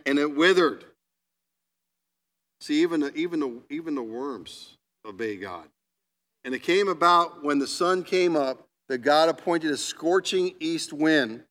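A man preaching a sermon, reading scripture aloud with emphatic pauses and then commenting in a conversational way. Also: a little high, a bit bright. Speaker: pastor.

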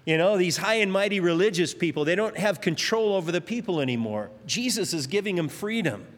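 A man's voice: high voice, animated, a little fast, long reverb tail. A pastor preaching a sermon, emphatic, stretching out his climactic lines as his voice rises.

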